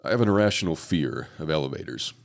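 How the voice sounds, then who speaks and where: Man, Texan accent, very deep voice, podcast host, relaxed joking chat. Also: fast, gravelly. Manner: relaxed, joking, tells dad jokes with small put-on voices. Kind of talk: casual interview chat.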